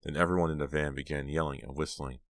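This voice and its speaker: Brief: male audiobook narrator, extremely low voice, measured storytelling, dry booth sound. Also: steady tone, no room sound. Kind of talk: scripted narration.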